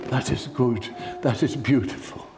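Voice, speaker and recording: A man's voice: medium pitch, a little slow, music in the background. A man preaching a sermon, telling stories in an earnest, heartfelt way.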